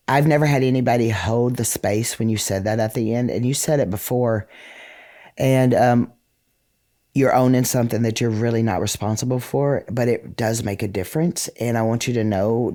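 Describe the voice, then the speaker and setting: A man who is an interview guest, speaking with emotion, halting and restarting as he expresses gratitude. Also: mid-range voice, mellow. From rural United States. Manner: halting, grateful, many fillers and restarts. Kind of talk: emotional conversation.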